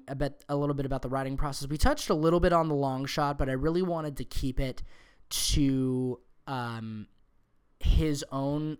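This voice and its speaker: A young man hosting a casual podcast, hoarse and raspy from a cold, rambling with lots of fillers. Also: medium pitch. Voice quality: raspy, sniffly. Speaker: podcast host.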